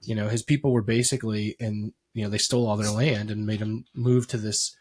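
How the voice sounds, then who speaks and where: A man co-hosting a marketing podcast, chatting casually with quick asides and frequent restarts. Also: fairly low pitch, little pitch movement, a little mellow, breathy edge. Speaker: podcast co-host.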